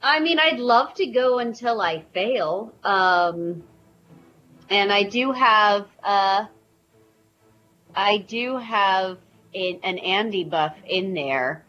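A woman playing in a tabletop game, declaring her actions hesitantly, with many pauses. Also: mid-range voice, animated, sharp tone, faint music behind. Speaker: player. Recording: dull lo-fi audio with faint noise.

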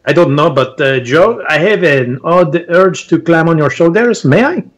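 A man's voice: on the high side, expressive, normal speed, lo-fi sound. A man doing a swaggering, boastful cowboy with a slightly raised voice, tossing in French words as he goes. He sounds pleased with himself throughout the game. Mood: playful. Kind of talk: tabletop role-play in character.

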